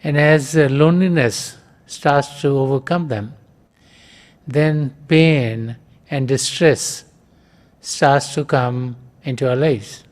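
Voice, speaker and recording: A man giving a spiritual talk as a teacher, measured, pausing often with soft fillers. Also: medium pitch. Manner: measured, with frequent pauses and fillers.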